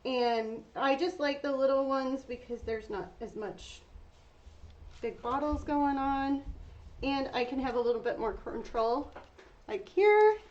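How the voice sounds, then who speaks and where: A woman's voice: high voice, fairly even intonation, a little slow. A woman hosting a casual painting tutorial, chatting to her viewers while she works. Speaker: craft tutorial host. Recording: dull lo-fi sound with faint noise.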